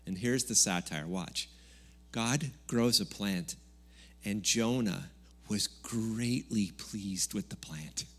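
Man, lower-pitched voice, pastor delivering a casual, humorous sermon with sudden loud bursts. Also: slow pace. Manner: conversational, jokey preaching with sudden loud bursts. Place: church service.

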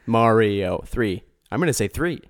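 A man's voice: fairly low pitch, animated, measured pace. A man from Canada co-hosting a podcast in casual chat, laughing often and poking fun at himself. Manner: laughs often, self-deprecating. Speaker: podcast co-host.

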